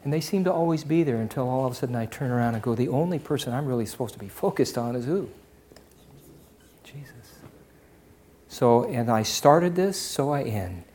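A man preaching a sermon, swinging from loud impassioned declarations to hushed, almost whispered appeals. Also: medium pitch, lively intonation, moderate pace, long pauses. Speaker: pastor.

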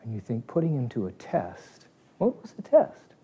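A man preaching a sermon, animated, acting out voices from the story and swinging between loud outbursts and hushed asides. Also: mid-range voice, moderate pace, slightly rough.

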